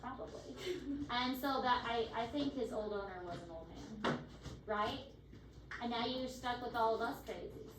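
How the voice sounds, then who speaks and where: A woman's voice: on the high side, normal speed. A woman anatomy instructor in casual classroom talk, chatty and teasing, with loose fillers. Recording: echoey room, distant mic, faint noise.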